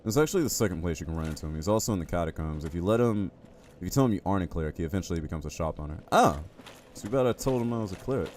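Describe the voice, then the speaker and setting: A man's voice: deep voice, expressive, very fast, a little mellow, slight background noise. A man streaming a game live, chatty and jokey, reacting to the game and talking to his chat. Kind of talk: live gameplay commentary.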